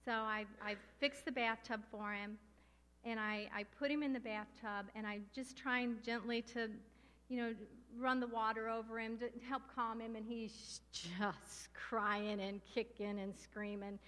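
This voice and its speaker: A middle-aged woman preaching a sermon with passion and emphasis, slowing down to stress key words. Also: a little high, steady tone, fairly bright tone. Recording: long hall reverb.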